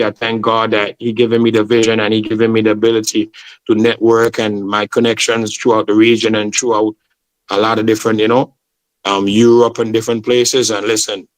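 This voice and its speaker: A man from Saint Vincent, talking passionately as an interview guest and repeating "man" and "bro". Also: lowish voice. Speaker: football promoter, guest. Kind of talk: casual interview chat.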